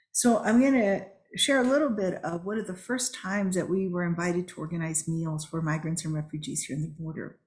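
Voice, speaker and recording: A woman's voice: fairly low pitch, a little mellow. A woman giving a webinar talk over a video call, telling reflective, earnest stories. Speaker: webinar speaker. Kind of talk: storytelling talk.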